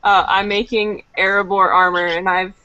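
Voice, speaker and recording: A woman's voice: mid-range voice, little pitch movement, moderate pace, bright, forceful tone. A woman with a Canadian accent hosting a casual video call, giggly as she reads viewer questions aloud. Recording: muffled video-call audio.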